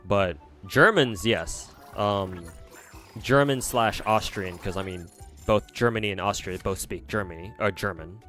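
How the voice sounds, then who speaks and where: A man's voice: fairly low pitch, a little slow, pushed and bright, faint music behind. A man with an American accent, chatting casually on a livestream and answering viewers in a rambling, hesitant way with frequent restarts and casual swearing. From United States. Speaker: streamer.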